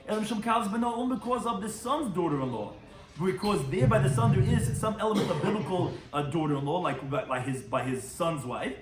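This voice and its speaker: A man's voice: on the high side, reverberant, distant mic, slight background noise. A man, a rabbi, giving a Talmud lecture and translating Hebrew and Aramaic terms as he goes. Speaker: rabbi teaching a daily Talmud class.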